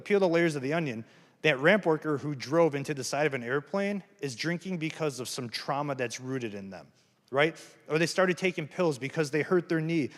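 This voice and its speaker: Fairly high-pitched and a bit bright, a man's voice carries through a reverberant hall as he gives his recovery testimony at a campus event. He talks to the audience candidly and earnestly, in a plain-spoken, self-deprecating way.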